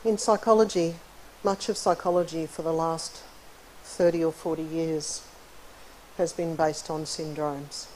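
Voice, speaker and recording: Mellow-voiced woman lecturing. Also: low voice, fairly even intonation, unhurried, slight background noise, low-quality recording. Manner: friendly and chatty, frequently clears her throat. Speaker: conference keynote speaker, psychologist. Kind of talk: conversational lecture. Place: university lecture hall.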